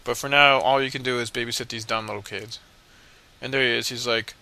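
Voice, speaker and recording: A man narrates his own game playthrough in a loose, rambling way, full of fillers and irreverent asides. His voice is bright and has some edge to it. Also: medium pitch, fairly even intonation, fairly quick. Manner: rambling, mumbling, lots of fillers; joking, irreverent. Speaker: video game commentator. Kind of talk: casual let's play commentary.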